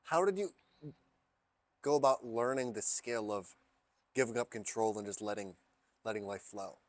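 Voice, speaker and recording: A man's voice: fairly low pitch, normal speed, dry recording. A man hosting an interview, asking questions and giving short encouraging replies. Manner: encouraging, brief affirmations. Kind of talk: casual interview.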